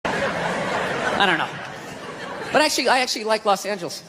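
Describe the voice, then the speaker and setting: A stand-up comedian from the US East Coast delivers a profane, ranting live set and acts out quick bits of other people. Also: male voice, high-pitched, very animated, background noise. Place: large theater stage before an audience. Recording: live theater with reverb and crowd laughter.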